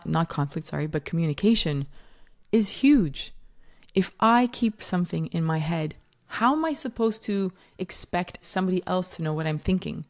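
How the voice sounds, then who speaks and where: Her voice sits low with a darkish tone as this woman in her thirties, a podcast host and parenting educator, talks through her solo parenting show. She keeps it conversational, corrects herself, and animatedly plays out the moms she quotes.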